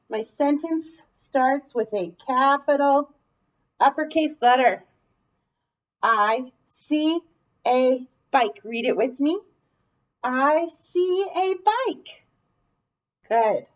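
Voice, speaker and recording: A woman teacher leading an early reading lesson in a slow, clear, encouraging way. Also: sits high, a little mellow, poor audio.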